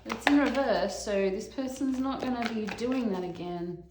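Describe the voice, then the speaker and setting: Musing woman in an echoey room. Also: a little high. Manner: slow, musing, thinking aloud with sighs and soft laughs. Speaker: tarot reader. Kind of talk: casual solo tarot reading. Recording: echoey room with clear background noise.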